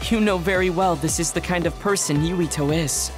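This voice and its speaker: A man voicing a calm, level-headed young male officer in a video game, speaking in a measured way. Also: on the high side, lightly acted. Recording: game audio with faint music.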